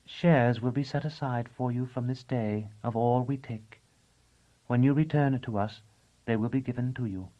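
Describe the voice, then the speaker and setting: A man reading an audiobook, voicing a cooing, gracious noblewoman who speaks softly and in a measured way. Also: mid-range voice, highs cut off, voice pushed up, close to an everyday voice.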